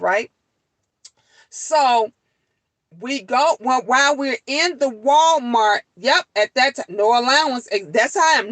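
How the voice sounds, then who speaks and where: A grandmother hosting a talk show, telling stories and scolding in an animated, outspoken way. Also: medium pitch, no echo, poor audio. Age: older. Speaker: show host. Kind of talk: casual monologue to listeners.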